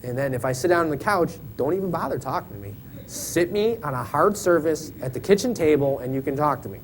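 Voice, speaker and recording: A man in his thirties gives a casual, joking sermon from a church pulpit. He talks in a folksy way and keeps checking in with "right?". A faint low rumble sits under the recording. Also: expressive, fairly quick, poor audio. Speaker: church member preaching. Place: church sanctuary.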